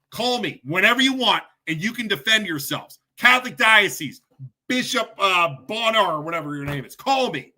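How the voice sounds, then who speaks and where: Ranting angrily to camera, a podcast host who is an adult parent and coach hammers his points through punchy repetition. He has a high-pitched, bright, forceful voice.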